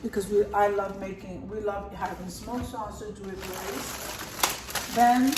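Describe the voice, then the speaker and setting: A woman's voice: medium pitch, fairly even intonation, takes it slowly. Chatty middle-aged woman in an echoey room. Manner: chatty, talks with her mouth full at times. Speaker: vlogger showing a grocery haul. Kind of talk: casual haul vlog chat. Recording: echoey room, mic far off, clear background noise.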